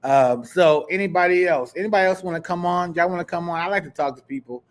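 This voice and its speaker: A man from Kansas hosting a live podcast, telling stories in an animated, chatty way and talking straight to his viewers. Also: sits high, fast. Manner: animated storyteller, chatty, addresses viewers directly. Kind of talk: casual live-stream chat.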